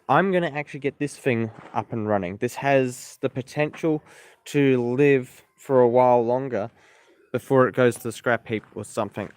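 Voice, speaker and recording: A man's voice: medium pitch, dry recording. A man giving a casual, rambling vlog walkaround of his vehicle, correcting himself as he points things out, recorded outdoors on a camera mic. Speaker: car repair vlogger.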